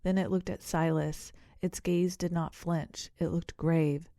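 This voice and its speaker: A woman narrating an audiobook in a measured storytelling manner. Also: on the low side, flat delivery, warm tone, no echo, studio quality. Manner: measured storytelling with voiced characters. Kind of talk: scripted narration.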